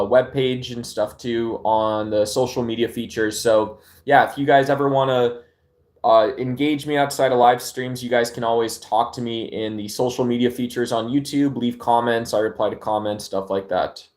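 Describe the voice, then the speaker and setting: A man's voice: medium pitch, steady tone, normal speed, a little mellow. A man from Arizona hosting a casual livestream chat, laid-back and rambling, with many fillers and restarts, talking into his phone at home. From Arizona, United States. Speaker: livestream host.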